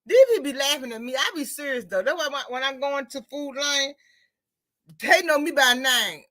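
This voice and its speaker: Bright high-voiced woman chatting. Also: normal speed. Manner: chatty, storytelling, animated retelling with quoted dialogue. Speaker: host. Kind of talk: casual chat.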